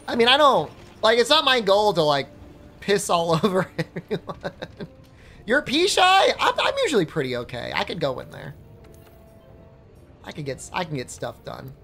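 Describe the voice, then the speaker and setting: A woman's voice: fairly low pitch, vocal fry, fairly bright tone. A woman streamer casually telling a rambling story during a live stream, often breaking into laughs. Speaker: game streamer.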